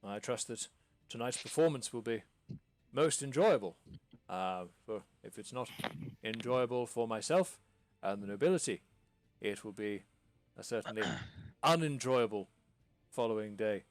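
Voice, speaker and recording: A man's voice: medium pitch, expressive, unhurried, no room sound, soft background music, lightly acted. A man voicing a pompous, touchy older male noble patron of the arts who speaks in a grand, huffy way. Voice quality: grandly over-enunciated, huffy.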